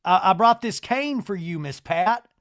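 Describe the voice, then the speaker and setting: A man's voice: high voice, expressive, unhurried, fairly bright tone, voice pushed up. A man doing a theatrical, overeager quirky guy.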